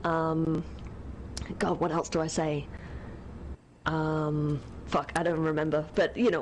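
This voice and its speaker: A woman's voice: lowish voice, a little mellow, slight background noise, rough recording. A British woman from Yorkshire, co-hosting a gaming livestream, who reads chat aloud, laughs often and swears casually. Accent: British English, softened by living in the US. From Yorkshire, England. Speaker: co-host.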